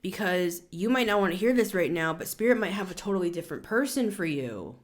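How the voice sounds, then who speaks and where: In a casual monologue, a woman in her thirties delivers a blunt, scolding tarot reading. She talks briskly with lively intonation, stressing points hard and breaking into sudden high outbursts.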